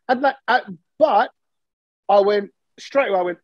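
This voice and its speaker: A man hosting a podcast in casual chat, animated and acting out the voices of people he quotes. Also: sits high, moderate pace, dry recording, lo-fi sound. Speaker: podcast host.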